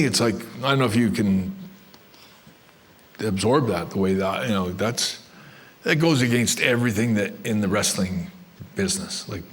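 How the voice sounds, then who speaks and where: An older man telling blunt, rambling stories to a live crowd of fans, with restarts and asides. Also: fairly low pitch. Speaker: guest wrestler telling stories. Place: event room with a live crowd.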